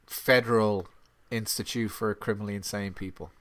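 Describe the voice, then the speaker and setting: A man's voice: fairly low pitch, steady tone, normal speed, fairly bright tone. A man co-hosting a casual film commentary, sarcastic and exasperated, often mimicking the characters.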